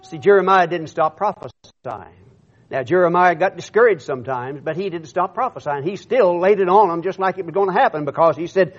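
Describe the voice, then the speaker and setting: Male preacher, high voice, declaiming scripture with stammering repeats, muffled lo-fi sound. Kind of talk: sermon reading scripture with commentary.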